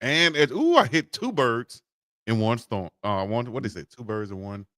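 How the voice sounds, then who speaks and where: Animated, laughing man co-hosting sports talk. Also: moderate pace, dry recording, studio quality. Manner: animated, laughs often, jumps into high squeaky voices for effect. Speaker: co-host. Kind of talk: casual sports talk show banter.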